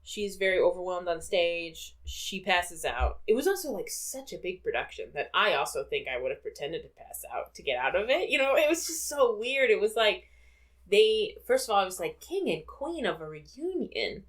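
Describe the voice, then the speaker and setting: A woman's voice: lowish voice, animated, normal speed. A woman co-hosting a podcast, chatting casually about a film with many fillers and frequent laughter. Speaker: podcast co-host.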